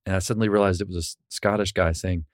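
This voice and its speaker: A man with a Southern US accent, a podcast guest who tells stories in an animated way and laughs as he talks. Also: sits low, racing, no echo, studio quality. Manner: animated storyteller, laughs through his stories. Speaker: podcast guest, author and comedian. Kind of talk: casual podcast chat.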